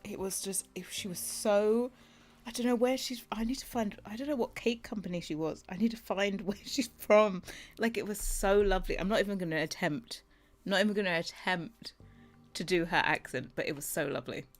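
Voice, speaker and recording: A woman's voice: mid-range voice, normal speed, faint music behind. A tired British woman chatting casually with her live stream, rambling and giggling and muttering to herself while she works. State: tired and yawning. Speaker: Sims custom content creator streaming.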